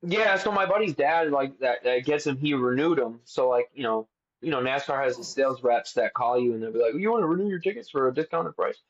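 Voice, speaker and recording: Lively young man, lo-fi sound. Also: medium pitch, a little fast. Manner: animated storytelling, swears freely. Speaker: podcast co-host. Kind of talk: casual chat. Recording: dull lo-fi sound.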